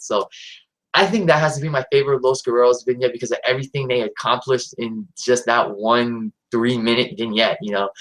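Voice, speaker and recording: A man's voice: mid-range voice, fairly bright tone, poor audio. A man hosting his own live stream, talking casually and hesitantly with lots of fillers and restarts. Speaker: channel host.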